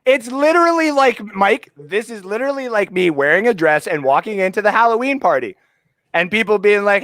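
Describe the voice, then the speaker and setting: A man's voice: high-pitched, very animated, a little fast, a bit bright, dry recording. A man from Canada hosting a live sports talk stream, joking and rambling with restarts. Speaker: podcast host. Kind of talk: casual live-stream chat.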